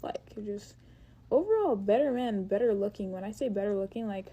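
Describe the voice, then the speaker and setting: A woman's voice: medium pitch, expressive, a little fast, mellow, breathy edge. A young woman chatting casually and telling a story while doing her makeup, giggly and full of filler words. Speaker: beauty vlogger.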